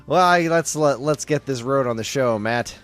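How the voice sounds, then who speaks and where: At a normal speed and in a mid-range voice, a man runs a video game music podcast. He keeps the casual conversation light with playful jokes and banter.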